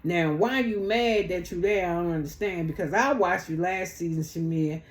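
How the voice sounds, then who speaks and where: A woman's voice: on the low side, moderate pace, few pauses. A woman recapping a reality show in blunt, sassy, profane casual chat. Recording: echoey room.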